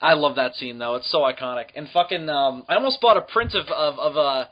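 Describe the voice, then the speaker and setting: A man's voice: on the high side, expressive, fairly quick, highs cut off. A man co-hosting a podcast, telling a long story in casual chat, rambling with many ums and plenty of swearing. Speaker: podcast co-host.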